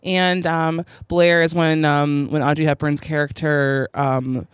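A woman's voice: deep voice, level tone, a little slow, smooth, dry recording, studio quality. A woman co-hosting a TV recap podcast in casual chat, rambling with many fillers and frequent laughs. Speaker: podcast co-host.

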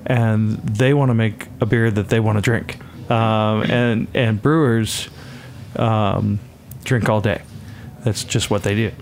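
A man speaking for a brewery, explaining its beers in a measured, casual way. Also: fairly low pitch, steady tone, a little hiss or hum. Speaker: brewery representative. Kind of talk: casual chat.

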